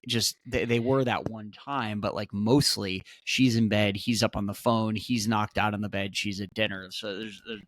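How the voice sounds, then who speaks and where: A man's voice: fairly low pitch, moderate pace, hardly any pauses. A man co-hosting a podcast, talking animatedly in casual chat, often restarting his sentences. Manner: animated, repeats and restarts, swears. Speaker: podcast co-host.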